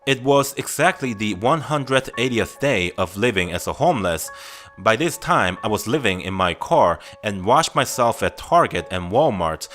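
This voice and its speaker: Low-voiced man narrating scary stories. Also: a bit bright. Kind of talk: scripted first-person story narration.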